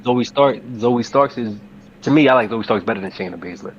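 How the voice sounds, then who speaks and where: Excitable man on a dull lo-fi mic. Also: mid-range voice, brisk, a little hiss or hum. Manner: excitable, slangy, full of restarts. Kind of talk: casual chat. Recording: dull lo-fi sound.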